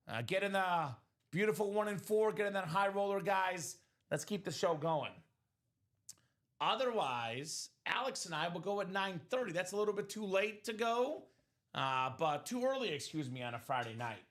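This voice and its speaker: A man hosting a live sports memorabilia break stream, hyping items with energetic, joking sales patter in a streaming studio. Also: high-pitched. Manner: energetic hype, jokey, fillers. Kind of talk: upbeat sales patter and banter.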